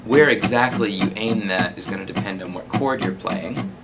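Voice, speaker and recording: A man giving a relaxed spoken guitar lesson, explaining strumming and counting beats out loud. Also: lowish voice, normal speed, very noisy. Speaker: guitar teacher.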